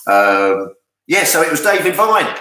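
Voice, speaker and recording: A man hosting a casual charity pub quiz, chatty and jokey, reading the answers out slowly. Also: a little high, big pitch swings, pushed and bright. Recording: echoey room.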